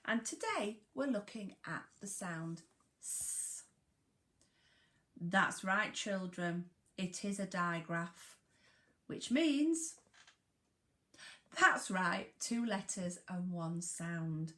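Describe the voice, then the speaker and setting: Woman teacher for a children's phonics lesson, very slow and lively, bright voice, echoey room. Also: medium pitch. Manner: slow, sing-song, emphatic sounding out of words. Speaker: primary school teacher.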